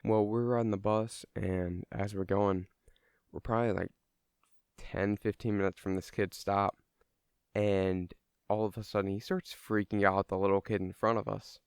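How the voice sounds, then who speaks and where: Young man, casual storyteller; low, smooth voice with a loose, rambling and profane delivery. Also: level tone, normal speed, no room sound, studio quality. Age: young adult. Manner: rambling, swears freely, lots of fillers.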